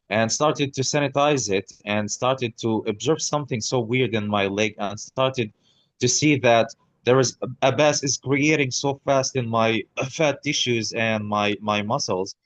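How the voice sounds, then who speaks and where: A man, a podcast guest telling his own story in halting speech full of restarts and blunt swearing. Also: mid-range voice, dry recording. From Gaza. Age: 30s. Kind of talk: personal account in an interview.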